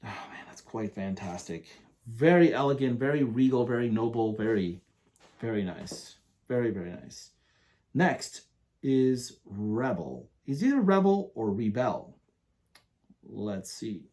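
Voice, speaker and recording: A man reviewing perfumes in a casual, enthusiastic, rambling way, often pausing to read product descriptions aloud. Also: mid-range voice, expressive, dark tone.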